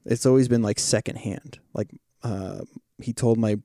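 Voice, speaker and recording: Man telling a story, dark and dry. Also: medium pitch, fairly even intonation, moderate pace, dry recording. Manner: storytelling, acts out quoted voices. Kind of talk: casual chat.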